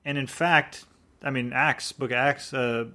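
A man co-hosting a podcast in a studio, giving quick, joking replies. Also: mid-range voice, fairly even intonation, pushed and bright. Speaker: podcast co-host. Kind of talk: casual podcast chat.

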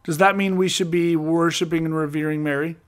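A man hosting a casual Bible discussion, telling the stories with animated enthusiasm and quick asides. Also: fairly high pitch. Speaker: podcast host.

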